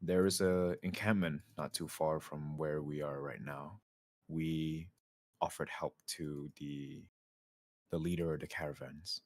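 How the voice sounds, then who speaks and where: Man player, very low voice, dry close sound, talks through his character's reasoning. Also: fairly even intonation, measured pace, no room sound. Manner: explains at length, drops to a whisper in character. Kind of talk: casual tabletop role-play chat.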